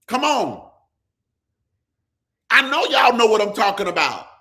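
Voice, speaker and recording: High-pitched preaching man with a bright voice. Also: wildly swooping pitch, a little slow. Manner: call-and-response preaching, repeats "come on", slips into sung lines. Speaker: pastor hosting a live stream. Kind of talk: preaching, talking to viewers in the comments.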